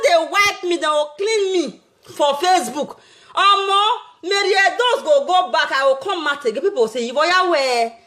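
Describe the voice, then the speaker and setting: A woman's voice: very high-pitched, bright, forceful tone. A Nigerian woman speaking Pidgin, taunting someone in a rant to camera, with cackling laughter and sing-song jeers. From Edo State, Nigeria. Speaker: social media vlogger.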